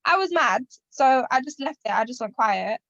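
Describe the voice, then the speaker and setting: A young woman rambles through a story on a podcast and slips into the voices of the people in it. Her voice sits a little high. The sound is dry and a bit dull. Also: normal speed, no room sound. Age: 20s. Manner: rambling, animated, acts out quotes. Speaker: podcast co-host. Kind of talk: casual chat, storytelling.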